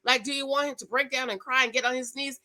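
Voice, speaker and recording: A woman's voice: high voice, fairly even intonation, fast, bright, forceful tone, poor audio. A middle-aged woman, chatting casually as a show recap host, emphatic and preachy, talking straight to her viewers. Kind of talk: casual chat.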